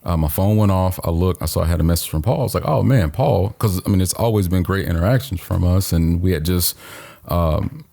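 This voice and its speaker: A man's voice: deep voice, brisk, gravelly, dark tone. A man co-hosting a podcast in casual conversation, speaking earnestly and openly about his feelings. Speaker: podcast co-host.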